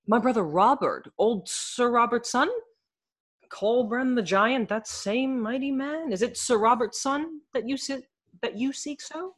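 A woman's voice: a little high, unhurried. A woman reading the part of a scheming, mocking young male noble in a Shakespeare scene.

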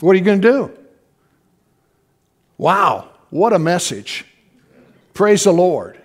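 A man's voice: high voice, very animated, slow pace. A middle-aged male pastor giving a sermon in a church, talking in a conversational way, often asking the congregation questions and chuckling. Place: church sanctuary.

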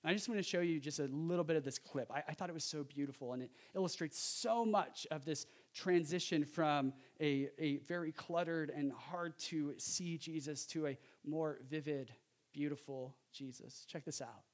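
A man preaching a sermon in a conversational, animated way, with joking asides to the congregation. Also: fairly high pitch, moderate pace. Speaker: pastor.

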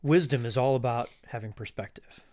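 A man's voice: medium pitch, a little fast, dark tone. A middle-aged man, a podcast guest, speaking in a reflective, philosophical way and thinking aloud. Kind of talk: casual conversation.

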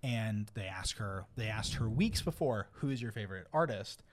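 A man's voice: fairly low pitch, moderate pace, noisy background. A young man co-hosting a podcast, telling a story in a loose, rambling way with lots of fillers. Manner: rambling storyteller, animated retelling. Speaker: podcast co-host. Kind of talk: casual chat.

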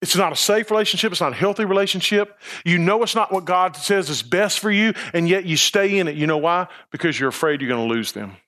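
A man's voice: sits high, quick pace, hardly any pauses, bright, forceful tone. A man preaching a sermon as pastor, emphatic, with repeated phrases and rhetorical questions.

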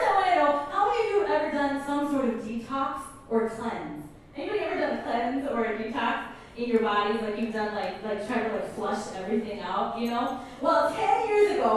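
A woman pastor giving a chatty, enthusiastic sermon with storytelling and prayer at a church service. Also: sits high. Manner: enthusiastic and chatty, many fillers. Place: church service in a comedy club venue. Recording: echoey hall from far off, faint noise.

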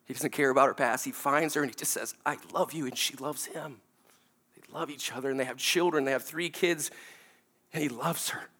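A man preaching a sermon, moving between hushed, tender quoting of scripture and rising, urgent appeals to the congregation, often repeating words as he presses a point. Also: medium pitch, brisk, slight background noise. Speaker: pastor.

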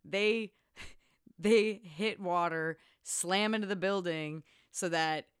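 Woman podcaster, lowish voice, smooth, swears a lot doing movie lines, dry close sound. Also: slow, no room sound. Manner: swears freely, acts out characters' lines. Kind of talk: casual movie-recap chat.

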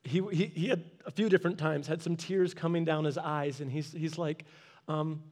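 High-voiced man preaching earnestly. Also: steady tone, moderate pace, a little mellow. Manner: earnest, exhorting, repeats short commands. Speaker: pastor. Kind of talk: sermon with personal storytelling.

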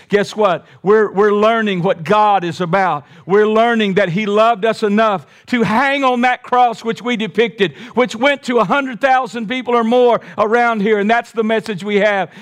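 Male pastor preaching emphatically, high voice, rhetorical questions throughout. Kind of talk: sermon.

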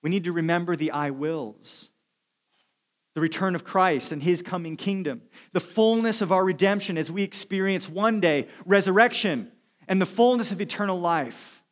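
A man preaching with a fairly high voice. He delivers the sermon earnestly, easing down to a slow, hushed tone when he wants a line to land. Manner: earnest preaching, slows and drops quiet for emphasis. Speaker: pastor.

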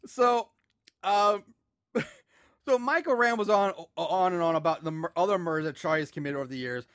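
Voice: medium pitch, normal speed, fairly bright tone, clean tone, no echo, studio quality. A podcast host recapping a movie's plot with sarcastic asides and frequent laughter. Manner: storytelling, sarcastic, laughs often. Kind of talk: casual movie recap narration.

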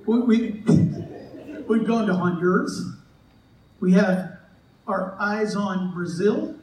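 A man's voice: sits high, takes it slowly, darkish tone, far from the mic, a little hiss or hum. A man preaching as a pastor, in a joking, conversational way, acting out the voices of the people he quotes. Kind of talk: sermon. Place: church sanctuary. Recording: echoey church hall, mic from afar.

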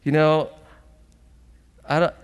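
A man's voice: on the high side, little pitch movement, slow, clear, resonant tone, long reverb tail. A man preaching a sermon as pastor, earnest and emotional, often asking the congregation questions, at times tearful.

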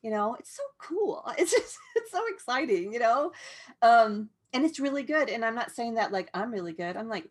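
A woman's voice: on the high side, very animated, normal speed. A middle-aged woman, a podcast guest in recovery who works as a painter, tells her story animatedly, laughing often and acting out her own thoughts. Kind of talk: casual podcast interview. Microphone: video call.

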